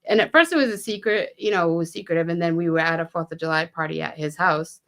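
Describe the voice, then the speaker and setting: Podcast guest: lower-voiced woman, casual storyteller who swears and voices the people she quotes. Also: quick pace, fairly bright tone. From Fall River, Massachusetts. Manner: chatty, swears freely, acts out quoted dialogue; frequent "um" and "you know what I mean".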